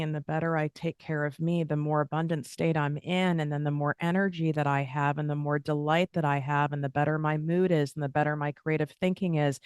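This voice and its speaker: Woman, self-help host; earnest, repetitive affirmations; smooth, dry close sound. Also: sits low, dry recording. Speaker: host and money coach. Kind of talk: motivational self-help talk.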